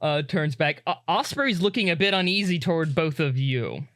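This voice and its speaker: A man's voice: fairly high pitch, expressive, normal speed, a bit bright, dry recording, clean studio sound. A man narrating a tabletop game as game master, loose and chatty, laughing often.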